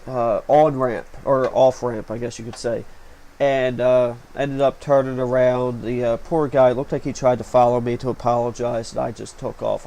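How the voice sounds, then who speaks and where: A man's voice: medium pitch, little pitch movement, normal speed, creaky, dark tone, low-quality recording. A man narrating his own vlog footage in a rambling, casual way, with lots of fillers. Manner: rambling, chatty, many fillers. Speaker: vlog host. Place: small hot room with a fan running. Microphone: home recording setup. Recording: faint fan noise.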